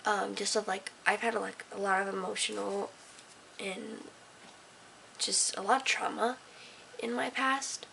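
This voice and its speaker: A woman's voice: medium pitch, steady tone, unhurried, creaky, long pauses, bright, forceful tone, a little hiss or hum, poor audio. A teenage girl vlogging casually in her room at night, rambling and sarcastic, dropping into whispers and then bursting with energy. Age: teens. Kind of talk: casual late-night talk to camera. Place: own room at night, lit by a desk lamp.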